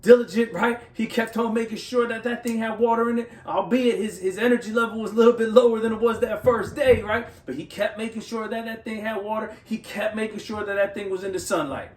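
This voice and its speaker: A man giving a motivational monologue, telling stories in an animated way and often checking in with "right?". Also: high voice, brisk, few pauses, echoey room, recorded from a distance. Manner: animated storytelling with frequent "right?" tags. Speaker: motivational speaker.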